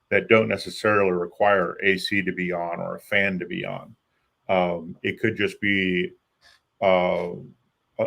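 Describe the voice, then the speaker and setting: A man co-hosts a call-in show in a very deep voice with a gravelly fry. He explains things patiently, with lots of ums and pauses. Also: a bit bright. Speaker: co-host.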